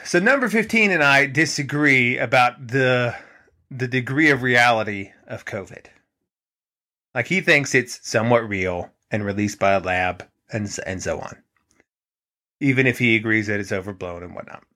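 A man hosting a podcast, talking in a rambling, conspiratorial monologue with many restarts and quoted voices. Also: mid-range voice. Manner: rambling, restarts, animated quoting of others. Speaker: podcast host.

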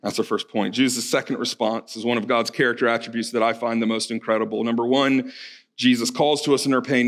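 A man preaching a sermon to a congregation in a church hall, swinging from hushed pleading to loud, fervent urging. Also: medium pitch, fairly even intonation, fast. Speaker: pastor.

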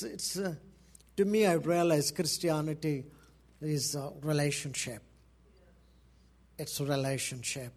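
A man's voice: fairly high pitch, a little mellow. A middle-aged man from India with an Indian accent, a missionary pastor speaking fervently to a church congregation and repeating phrases for emphasis.

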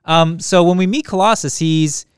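Higher-voiced man joking in casual chat. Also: moderate pace, clear, resonant tone, no room sound, studio quality. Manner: joking, playful asides. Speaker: podcast co-host.

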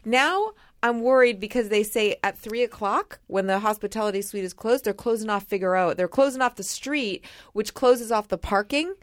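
A woman co-host is telling a story in casual conversation, slipping into the voices of the people in it as she goes. Her voice sits a little on the high side. The sound is dry and close, with no room echo. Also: moderate pace, hardly any pauses. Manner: animated storyteller acting out quoted voices. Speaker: talk show co-host.

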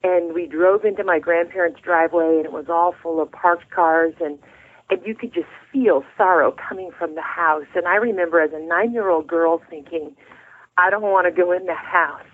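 Over a tinny phone line, a middle-aged woman, a guest author in an interview, shares her faith testimony with earnest, heartfelt feeling. Her voice sits fairly low and she talks at a normal speed.

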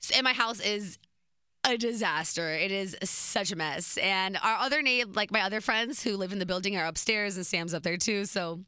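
A woman in her twenties casually telling a story, chatty and animated, laughing between beats. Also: medium pitch, moderate pace, smooth, dry recording.

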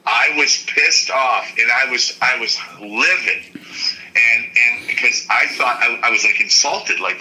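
A man from Michigan tells blunt stories about his years in the game. His voice is very bright and forceful, and he talks with animated energy. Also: mid-range voice, unhurried, poor audio. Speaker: former football player, guest. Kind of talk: storytelling interview.

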